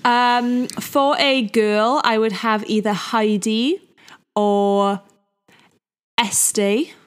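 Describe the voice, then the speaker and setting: A woman on a podcast with a fairly high voice, talking slowly. She thinks aloud and lets ums fill the gaps as she picks her words. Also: fairly even intonation, clean tone. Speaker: podcast co-host. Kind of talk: casual podcast chat.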